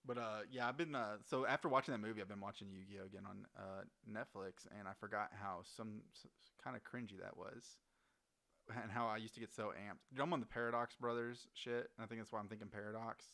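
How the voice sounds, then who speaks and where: A man co-hosting a casual gaming podcast, excitable and rambling, swearing often. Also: fairly low pitch, fairly quick. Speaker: podcast co-host. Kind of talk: casual chat.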